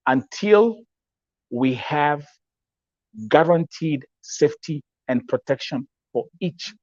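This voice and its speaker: A man's voice: on the high side, lively intonation, slow, no echo, highs cut off. A man from Kenya with a Kenyan English accent hosts a live-stream talk show, speaking emphatically, repeating himself, mixing in Swahili phrases and reading out viewer comments.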